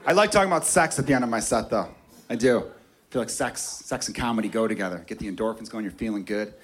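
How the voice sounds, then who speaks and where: A man's voice: lowish voice, quick pace, a little hiss or hum. A young man doing a profane, punchy stand-up comedy set on a club stage. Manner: brash, profane, punchy delivery. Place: club stage before a laughing crowd. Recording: live club recording with crowd laughter.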